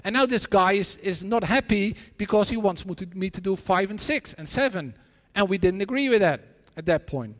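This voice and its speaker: High-pitched guy preaching, halting, keeps restarting, big echoey hall. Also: expressive. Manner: earnest, halting storytelling with frequent restarts and repeated words. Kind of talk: sermon with personal stories and prayer. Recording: long reverb of a large hall.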